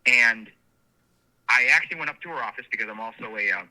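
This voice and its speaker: A man's voice: mid-range voice, fast, sharp tone. A man, a sheriff candidate and guest, telling long, earnest anecdotes in a casual interview. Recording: phone line.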